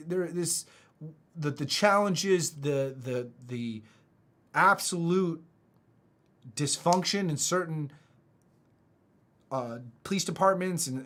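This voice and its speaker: Earnest halting American man speaker. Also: on the high side, a bit bright. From United States. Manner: halting, many restarts, earnest. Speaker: motivational speaker. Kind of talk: casual online talk.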